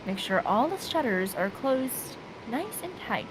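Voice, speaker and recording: A poised mansion maid, voiced by a woman in a casual game read-through answers with calm politeness and a faint tease. Her mid-height voice moves lively up and down. Clear noise sits beneath the recording. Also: a little high, measured pace. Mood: composed.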